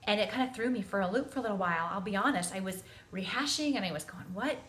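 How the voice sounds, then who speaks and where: A woman in her forties telling a family story in a chatty, animated way, acting out the quotes. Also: medium pitch, quick pace. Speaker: parenting vlogger. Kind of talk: casual storytelling to camera.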